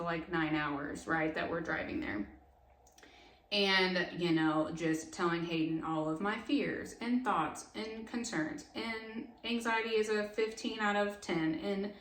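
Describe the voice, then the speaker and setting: A woman's voice: on the low side, a little slow, a bit bright, distant mic. A woman hosting her own podcast, talking casually and earnestly with many fillers. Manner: earnest, chatty, lots of "like" fillers. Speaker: podcast host. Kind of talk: casual personal monologue. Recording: echoey room, voice away from mic.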